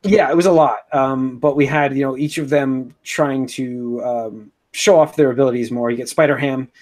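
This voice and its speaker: Guy hosting a movie podcast, middle pitch, kinda rambly with lots of ums. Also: steady tone, moderate pace, a little mellow. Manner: rambling with many ums and restarts. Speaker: podcast host. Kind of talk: casual movie discussion.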